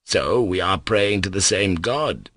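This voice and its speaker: A man voicing a gentle, tender young man who is dying, speaking in soft, caressing words. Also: deep voice, lively intonation, measured pace, dry recording, studio quality, full character voice. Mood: tender, joyful.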